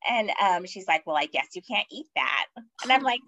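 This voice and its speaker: A podcast guest with a lowish, sharp-toned voice tells a personal story at normal speed, her intonation lively. She's chatty, leans on lots of fillers, and acts out the voices she quotes, all on dull lo-fi audio.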